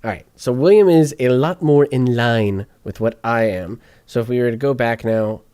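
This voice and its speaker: A man walking through podcast audio editing out loud, chatty and joking to himself as he works. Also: mid-range voice, moderate pace, smooth, dry recording. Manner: chatty, jokey asides while working. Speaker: podcast editor streaming his editing session. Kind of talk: casual on-screen tutorial talk.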